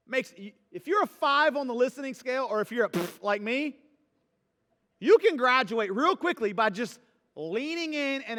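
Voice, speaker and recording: A man's voice: very high voice, fairly bright tone, big-room sound. A man preaching a sermon as pastor, talking casually and joking with the congregation. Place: church hall.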